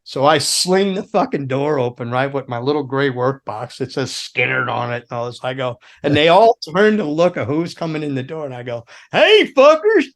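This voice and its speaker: A middle-aged American man swaps road stories on a casual podcast, rambling from one tangent to the next. He swears freely and drops into loud, animated voices whenever he quotes somebody, in a voice of ordinary male pitch. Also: a little fast, few pauses. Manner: rambling, profane, animated storyteller who acts out quotes. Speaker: podcast guest, former roadie. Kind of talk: casual storytelling chat.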